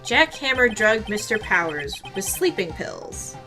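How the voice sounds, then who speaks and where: A woman's voice: medium pitch, sing-song, measured pace, over music. A woman voicing an earnest young male defense lawyer, arguing dramatically in a courtroom game playthrough. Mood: explaining.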